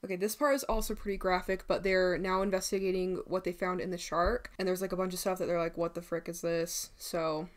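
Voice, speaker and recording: A young woman chatting casually while doing her makeup, animated and giggly as she reacts to a documentary. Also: lowish voice, fast talker, hardly any pauses. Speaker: vlogger.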